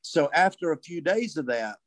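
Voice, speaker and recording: Animated man telling a hunting story. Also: on the high side, normal speed, dry recording. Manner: animated storyteller, acts out voices and calls. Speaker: guest turkey hunter. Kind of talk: casual storytelling.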